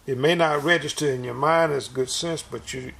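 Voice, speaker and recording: A man's voice: medium pitch, moderate pace, gravelly, fairly bright tone. A man preaching a sermon in an earnest, folksy, repetitive way, restarting his phrases often.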